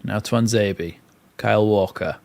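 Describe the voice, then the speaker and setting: A man's voice: lowish voice, measured pace, gravelly, darkish tone. A young man hosting a live watchalong, mixing play-by-play with chatty, rambling asides. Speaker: fan channel host.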